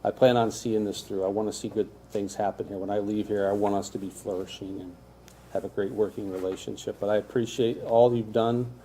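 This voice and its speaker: A man's voice: lowish voice, flat delivery, fairly quick, warm tone. A middle-aged man, a school official, speaking sincerely and from the heart at a council meeting. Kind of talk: public meeting remarks. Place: council chamber. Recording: faint room noise, council meeting.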